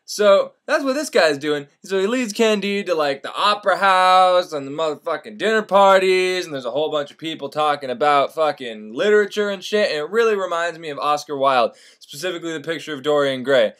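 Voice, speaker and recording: A man's voice: fairly high pitch, lively intonation, fairly quick, hardly any pauses, a bit bright. A man casually retelling a classic novel as comedy, rambling and profane, jumping into silly voices for the characters.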